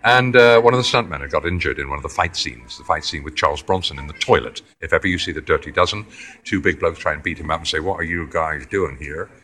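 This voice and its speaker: An English man in his seventies with a deep voice, rambling through long anecdotes as an interview guest. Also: fast talker, sharp tone. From England. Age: 70s. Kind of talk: anecdotal storytelling. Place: indoors near a corridor.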